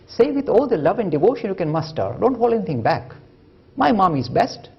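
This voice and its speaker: A calm wise old man, put on by a male lecturer speaks in measured, soothing instructions, his voice lilting and lively. The tone is husky and a little gravelly. The recording sounds dull and lo-fi. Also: sits high, voice pushed up, heavily acted.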